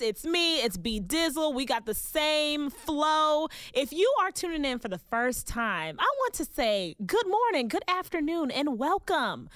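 A woman's voice: sits high, bright, forceful tone, dry recording, studio quality. A woman hosting a podcast in a recording booth, talking in an exuberant, playful, gushing way. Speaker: podcast host. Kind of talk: casual podcast chat.

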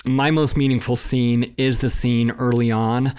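A man co-hosting a casual film discussion, lively, acting out quoted dialogue and laughing often. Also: mid-range voice, measured pace, clean tone. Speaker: film podcast co-host.

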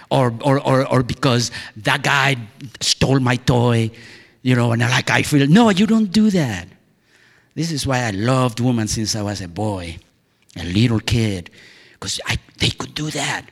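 A man's voice: mid-range voice, a little slow. A man telling a personal story on stage at a live storytelling event, growing impassioned. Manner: animated, rising to impassioned. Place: hall with audience. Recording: reverberant hall.

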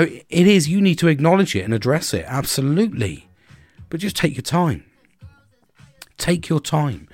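The podcast host is a middle-aged man with a mid-range voice, talking bluntly and openly in a relaxed monologue. Frequent swearing and repeated words as he begins sentences mark his speech, and the recording is dry.

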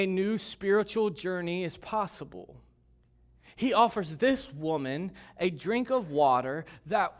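A middle-aged male pastor with a slightly high voice preaches in church. His sermon is conversational and full of jokes, with asides to the congregation.

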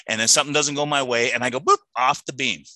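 A man's voice: mid-range voice, steady tone, quick pace, pushed and bright, no echo, low-quality recording. A middle-aged man giving an earnest, emotional personal testimony to a recovery meeting, often repeating words as he restarts his sentences.

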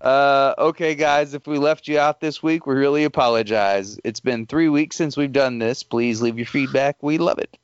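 Guy hosting a podcast, reads out messages and laughs a lot, smooth voice, dry dull mic. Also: medium pitch, normal speed, few pauses, dry recording. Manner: laughs often while reading messages. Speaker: podcast host reading listener feedback. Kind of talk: casual chat.

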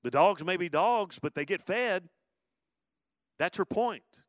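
A man preaching a sermon in an animated way, with sudden loud emphatic bursts. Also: high-pitched, takes it slowly, no echo, clean studio sound. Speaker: pastor.

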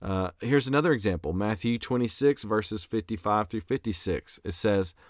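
A man's voice: fairly low pitch, moderate pace, no echo, studio quality. A young man giving a conversational lecture, reading scripture aloud, with frequent fillers and restarts. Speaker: apologetics lecturer. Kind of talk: casual recorded lecture.

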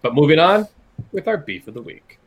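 A man's voice: fairly high pitch, sing-song, fairly quick, slightly rough. A man co-hosting a casual podcast, reading out news stories and adding wry, joking asides. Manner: wry, reads news items with jokey asides. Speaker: podcast co-host. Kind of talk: casual news-commentary chat.

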